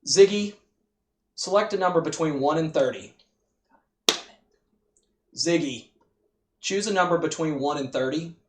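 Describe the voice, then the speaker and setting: A man co-hosting a podcast, chatting casually and driving home his opinions with slow emphasis. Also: a little high, noisy background. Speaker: podcast co-host. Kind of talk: casual wrestling chat. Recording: echoey room, distant from mic.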